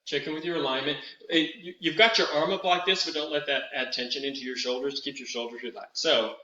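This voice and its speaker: A middle-aged man leading a vocal warm-up as a voice teacher, patient and instructive, slowing down to over-articulate the drills. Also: on the high side, steady tone, reverberant, muffled recording.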